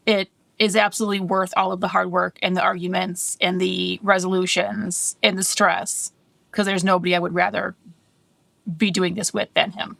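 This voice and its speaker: A woman's voice: on the low side, vocal fry, a bit bright, no room sound. A woman in her thirties co-hosting a casual podcast chat, candid and chatty, laughing often. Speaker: podcast co-host.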